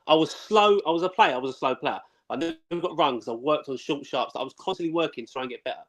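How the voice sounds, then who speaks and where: Bloke in his 40s rattling off sweary footy stories, quick and a bit high. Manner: excitable, blunt and sweary storytelling. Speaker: former footballer, guest. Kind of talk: casual live chat.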